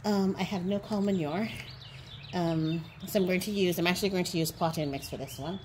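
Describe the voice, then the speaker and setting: This gardening channel host talks a little fast in a fairly low, darkish voice, with slight background noise around her outdoor setting. She chats playfully to the camera, teasing herself and calling the audience beautiful people.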